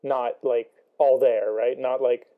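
A man's voice: mid-range voice, little pitch movement, slow, narrow, tinny audio. A young man talking through a book chapter casually, thinking aloud with many ums and rhetorical questions. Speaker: student discussing a book.

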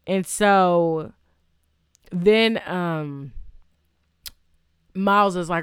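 A woman's voice: fairly low pitch, moderate pace, clear, resonant tone, no room sound, studio quality. A woman casually retelling a movie's plot, rambling with fillers and restarts and reacting aloud to what happens. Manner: chatty, reacts aloud to the story. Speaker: movie recap vlogger.

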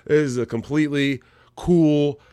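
A man co-hosting a casual podcast, rambling and profane, dropping low and glum when he turns serious. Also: unhurried, dark tone, clear, resonant tone, dry recording, clean studio sound. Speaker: podcast co-host.

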